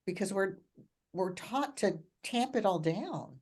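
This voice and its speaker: An older woman speaking as a coach and mentor in a reflective conversation, animated, often laughing and repeating phrases for emphasis. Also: medium pitch, slow pace, husky.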